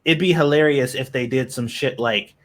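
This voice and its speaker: A man's voice: mid-range voice, moderate pace. A man on a podcast panel making dry, joking asides in casual chat.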